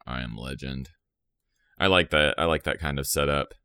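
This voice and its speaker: Very deep-voiced man chatting casually. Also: moderate pace, sharp tone, clear, resonant tone, no room sound, studio quality. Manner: rambling, laughs often, trails off mid-thought. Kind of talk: casual chat.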